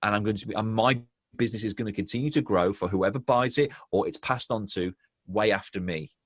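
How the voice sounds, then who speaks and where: A man speaking as a business guest in a conversational interview, animated and acting out the people he quotes. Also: fairly low pitch, brisk, dry recording, clean studio sound. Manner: animated storyteller, acts out quoted voices.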